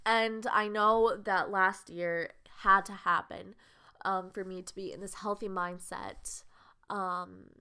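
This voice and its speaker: A woman's voice: mid-range voice, flat delivery, slow pace, pushed and bright, clean tone. A young woman vlogger talking in a casual podcast monologue, earnest and rambling, with a heartfelt, confessional way of speaking.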